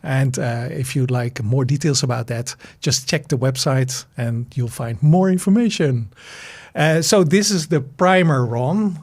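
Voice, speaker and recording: A man's voice: medium pitch, measured pace, darkish tone. A man with a Dutch accent co-hosting a podcast in casual chat, talking with frequent fillers and restarts. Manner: chatty, many fillers and restarts. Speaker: podcast co-host.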